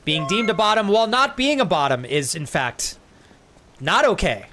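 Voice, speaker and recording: A man's voice: high voice, sing-song, normal speed, sharp tone, a little hiss or hum. A man live-streaming a game, joking crudely with chat and thanking viewers as he plays. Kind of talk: live gaming stream banter.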